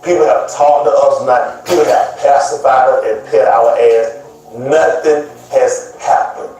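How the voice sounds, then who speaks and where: A man's voice: medium pitch, steady tone, measured pace, a little mellow. A man preaching a sermon in an emphatic, repetitive way, speaking straight to his listeners. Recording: very echoey, distant mic, faint music.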